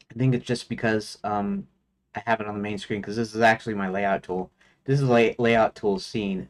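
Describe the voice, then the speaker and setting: Low-voiced man thinking aloud. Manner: thinking aloud, counting under his breath, trailing off. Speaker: game developer streaming his work. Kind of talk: casual work-along commentary.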